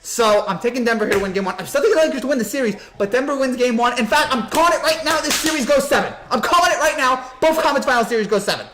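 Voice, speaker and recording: A young man hosting a postgame basketball reaction stream, talking in an excited, hyped-up way and reading out reactions. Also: extremely high pitch. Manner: excited, rapid, hyped-up sports talk. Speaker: sports commentary host.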